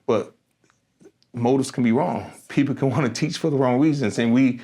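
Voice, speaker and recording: Middle-aged guy hosting a podcast, laughy storyteller, keeps repeating words, regular pitch. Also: moderate pace, warm tone. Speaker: podcast host. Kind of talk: casual interview chat.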